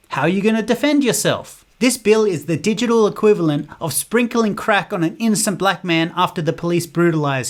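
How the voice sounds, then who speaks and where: A man giving an indignant political commentary monologue. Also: high-pitched. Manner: indignant, rapid-fire rhetorical.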